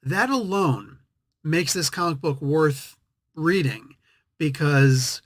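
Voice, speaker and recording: A man's voice: fairly high pitch, expressive, takes it slowly, no room sound, clean studio sound. A man hosting a casual comic book review, rambling and correcting himself as he thinks aloud.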